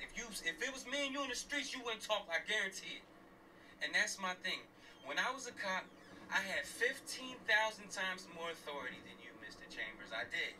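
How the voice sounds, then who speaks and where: A man's voice: high voice, sharp tone, recorded from a distance, a little hiss or hum, low-quality recording. A middle-aged man, a father and former police officer, ranting angrily and bluntly while driving, swearing and repeating himself for emphasis. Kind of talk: heated livestream rant. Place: in a car, driving.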